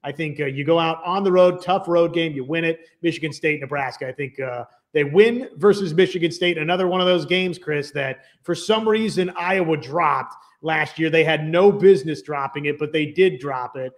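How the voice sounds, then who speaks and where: Male sports-show host, a bit high-pitched, easygoing and conversational. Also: normal speed, few pauses. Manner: relaxed, conversational, many fillers. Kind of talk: casual sports talk show.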